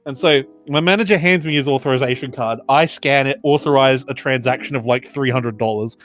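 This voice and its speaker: Aussie podcast co-host, young, casual swearing storyteller, lots of fillers. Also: male voice, mid-range voice, brisk, faint music behind. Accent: Australian. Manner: animated, swearing, filler-heavy.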